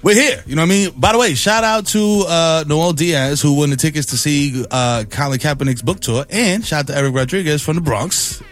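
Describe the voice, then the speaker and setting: A man, hosting morning radio and riffing in animated banter. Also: fairly high pitch, fairly quick, hardly any pauses, soft background music. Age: 40s. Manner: animated, riffing, lots of "you know what I'm saying". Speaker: radio host. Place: radio studio.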